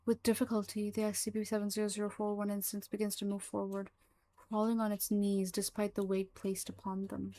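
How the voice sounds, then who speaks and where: A woman narrating a horror story in a slow, hushed, even manner. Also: medium pitch.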